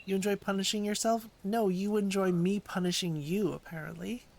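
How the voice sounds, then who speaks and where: A woman playing a theatrical, teasing British woman teacher with a put-on British accent, quizzing in a drawn-out, mock-stern way. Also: medium pitch, steady tone, gravelly, darkish tone, slight background noise, natural voice.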